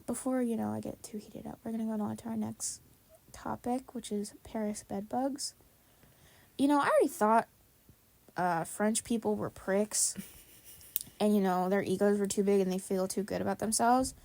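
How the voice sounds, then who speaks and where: A woman's voice: medium pitch, moderate pace, vocal fry, a little mellow. A young woman co-hosting a podcast, talking in a blunt, profane, ranting way during casual chat. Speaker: podcast co-host.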